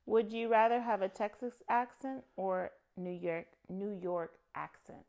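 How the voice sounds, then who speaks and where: A woman's voice: mid-range voice, measured pace, darkish tone. A woman co-hosting a casual comedy chat, asking questions and teasing her partner. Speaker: podcast co-host.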